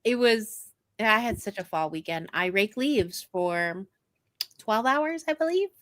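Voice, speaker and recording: A woman co-hosting a relaxed talk show, chatting and telling stories. Her pitch rises and falls a lot as she talks. The sound is dry and close. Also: a little slow, dry recording. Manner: lively, animated storyteller. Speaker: co-host. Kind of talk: casual chat.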